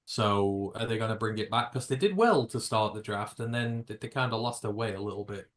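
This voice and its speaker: A man's voice: on the low side, a little fast, a bit bright. A British man hosting a live reaction stream, rambling and jokey, with casual swearing. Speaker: livestream host.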